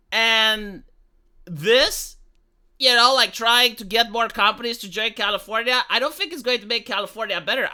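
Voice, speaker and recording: A man's voice: high voice, pushed and bright, clear, resonant tone. A man giving heated opinion commentary, emphatic and swearing freely.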